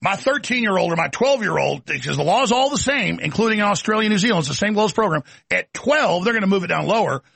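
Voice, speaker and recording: A middle-aged male host rants through a political monologue in a high, very gravelly voice. His tone is bright and slightly husky, and the sound is dry and close. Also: animated, quick pace, hardly any pauses, dry recording. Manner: ranting, emphatic, rambling. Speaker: talk show host. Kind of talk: political talk-show monologue.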